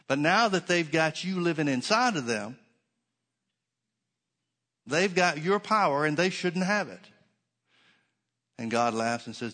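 A male pastor delivering a sermon in a fairly high-pitched voice. He preaches emphatically, working through rhetorical questions and tossing in dry, sarcastic asides. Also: expressive, measured pace, long pauses, pushed and bright.

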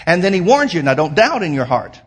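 A man preaching a sermon as pastor, emphatic, slowing down to quote scripture. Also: fairly high pitch, very animated, husky.

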